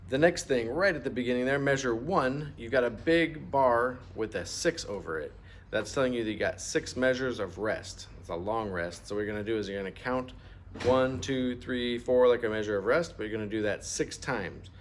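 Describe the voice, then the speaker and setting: A middle-aged man walks through an instrument lesson, patiently explaining each step and having students say terms back aloud. His mid-range voice moves at a moderate pace, with a little hiss or hum in the recording.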